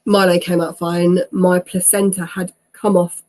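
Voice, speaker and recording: A woman's voice: on the low side, flat delivery, measured pace, darkish tone. A woman in her thirties, an interview guest telling her own story in a chatty way. She laughs often and acts out what people said. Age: 30s.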